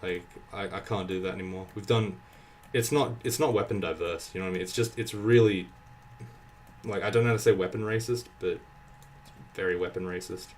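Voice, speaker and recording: A young man commentating his own gameplay, exasperated and swearing, thinking out loud, sweaty and dry-mouthed. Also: low voice, a little fast, a little hiss or hum. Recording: slightly distant mic with keyboard typing. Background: faint keyboard typing.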